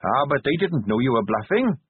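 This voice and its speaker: A man's voice: mid-range voice, big pitch swings, a little fast, husky, no echo. A man voicing an earnest, polite young male watch captain who keeps saying sir in an audiobook. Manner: respectful and eager, says sir. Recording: tinny narrow-band audio.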